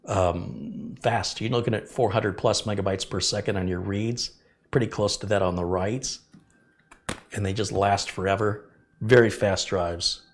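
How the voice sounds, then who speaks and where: A tech channel host answers viewer questions on a live stream, reading messages aloud and breaking fixes down step by step. His voice is fairly low, steady, and a little slow, with slight hiss or hum.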